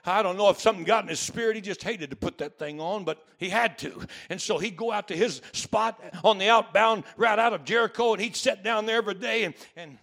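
Male missionary preacher; high, bright voice, storytelling into fervent shouts. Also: a little fast, gravelly, few pauses. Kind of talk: sermon.

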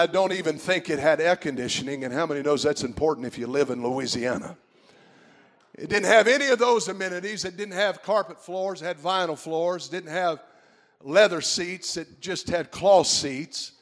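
A man preaching a sermon, moving from quiet storytelling to shouted preaching. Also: high voice.

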